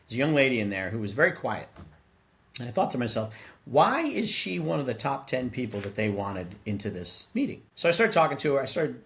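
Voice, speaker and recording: A man's voice: medium pitch, fairly bright tone. A middle-aged man, a podcast guest, talking casually and animatedly, acting out quoted dialogue as he tells stories. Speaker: podcast guest, sales executive. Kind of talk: casual interview conversation.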